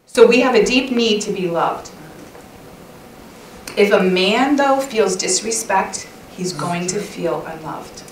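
A middle-aged woman giving a lively, chatty talk at a women's church conference session, often laughing and acting out little quoted lines. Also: medium pitch, takes it slowly, slight background noise. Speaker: conference speaker. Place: church hall. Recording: echoey church hall recorded from far off.

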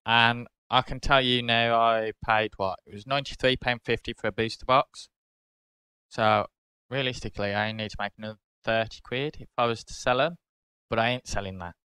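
A British man hosting a card-opening video, casually calling out each card and getting excited over good pulls. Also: mid-range voice, moderate pace, clean tone, no echo, studio quality. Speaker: card-opening channel host.

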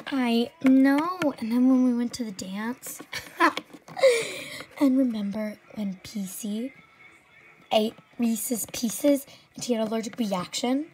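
Woman voicing toy pets in squeaky whispers. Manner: jumps between squeaky high character voices and hushed whispers. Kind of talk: toy pet role-play, voicing every character. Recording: noisy home recording.

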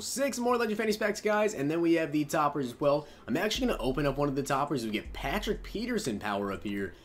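Young male gaming host, lively swings in pitch, a touch high, excitable commentary, faint music underneath. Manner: animated, shouts with excitement at big pulls. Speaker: gaming YouTuber opening packs.

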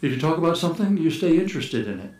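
A man preaching a sermon in a church, telling stories with humor and sometimes shouting out playful calls to act them out, then reading scripture aloud. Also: fairly high pitch, very animated, very fast, faint music behind. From United States. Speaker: pastor. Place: church sanctuary. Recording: echoey church room.

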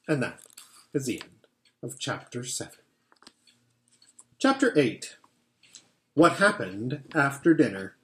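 A man reading a children's novel aloud as narrator, in an expressive storytelling manner. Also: medium pitch, slow pace, pauses often. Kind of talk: audiobook reading.

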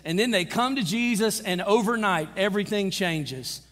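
High-voiced preacher in a reverberant church. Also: male voice, a bit bright. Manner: conversational preaching, slows for emphasis, acts out Bible quotes. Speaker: pastor. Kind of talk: sermon. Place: church sanctuary.

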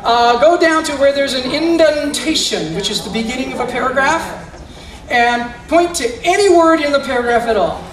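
In an expressive, extremely high voice with a fairly bright tone and moderate pace, a male magician works a school crowd live. He leads child volunteers through mind-reading tricks with theatrical, playful banter, heard distantly in an echoing indoor gym or school room.

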